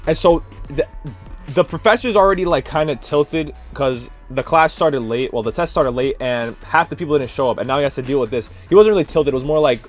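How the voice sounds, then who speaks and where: A young man, a student teacher, telling a rambling, animated story in a casual vlog, full of fillers and worn out from his day. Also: on the high side, fairly quick, faint music behind. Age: young adult. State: tired, drained.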